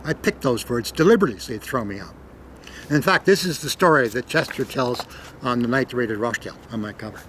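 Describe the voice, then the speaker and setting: An older Canadian man talks in a loose, meandering monologue at a middle pitch. He swears casually and hits some words suddenly and loudly. A faint hum of ambient noise sits behind him. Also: lively intonation, quick pace, rough recording. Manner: rambling, profane, leans on "man" and sudden loud emphasis. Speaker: storyteller.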